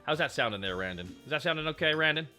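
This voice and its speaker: A man hosting a live stream in casual chat, excitable and rambling as he thanks donors aloud. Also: on the high side, fast. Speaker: streamer host. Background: faint background music.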